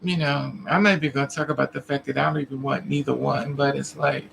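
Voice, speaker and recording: With a very deep, creaky voice and fairly even intonation, a trans woman vlogger tells her live chat a story at a quick pace. She's chatty, laughs often, and performs the other people's lines, over poor audio with a little hiss or hum.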